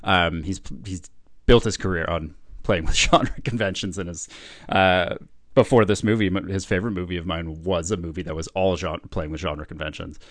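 Blunt, low-voiced man reviewing a film. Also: normal speed, no room sound. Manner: blunt, profane, laughs while talking. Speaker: podcast co-host. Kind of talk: casual film review chat.

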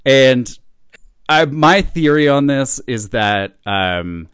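A man's voice: mid-range voice, expressive, slow, fairly bright tone, clear, resonant tone, no room sound. A man co-hosting a casual film review chat, blunt and profane, often laughing as he talks. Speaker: podcast co-host.

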